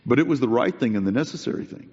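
A man's voice: medium pitch, lively intonation, rapid-fire, a little mellow, husky. Man preaching in a reverberant hall. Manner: earnest, conversational, emphatic repetition. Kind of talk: sermon. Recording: dull recording with long hall reverb.

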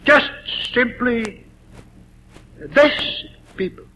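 A man preaching a sermon, deliberately stressing single words, with frequent "uh" pauses. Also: very high voice, sharp tone, poor audio.

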